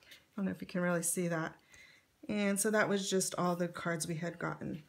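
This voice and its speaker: A woman's voice: fairly low pitch, fairly even intonation, moderate pace, creaky, a little hiss or hum. A middle-aged woman chatting casually as she pages through her scrapbook, with lots of fillers and light laughs. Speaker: scrapbook vlogger. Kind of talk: casual show-and-tell narration.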